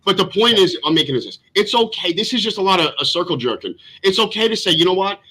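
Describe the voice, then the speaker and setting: A man talks quickly and bluntly with a lively, swinging pitch. His voice is bright and a little husky, and he lectures and swears freely through a video-call mic. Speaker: podcast panelist. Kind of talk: heated casual debate.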